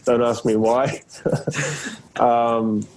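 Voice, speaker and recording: A man's voice: mid-range voice, level tone, extremely slow, darkish tone, low-quality recording. An Australian man in his thirties, a guest in a casual interview on a video call, laid-back and self-deprecating, laughing often. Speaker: actor guest.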